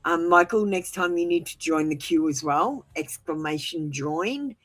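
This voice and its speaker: A woman's voice: on the low side, moderate pace, fairly bright tone, poor audio. A woman hosting a live tarot stream, chatting casually and bluntly with viewers as she manages the chat queue, then reassuring them when they feel ignored.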